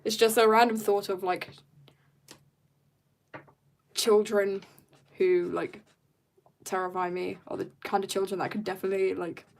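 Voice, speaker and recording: She speaks at a measured pace in a gravelly, medium-pitched voice with a level tone, leaving long pauses. While drawing on stream she rambles casually and jokes, sometimes sinking into soft mutters.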